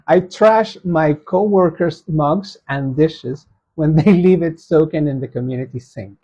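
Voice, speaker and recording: A man's voice: a little high, takes it slowly, mellow, breathy edge. A man in his thirties reading submitted stories aloud and reacting with laughing asides. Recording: dull lo-fi sound.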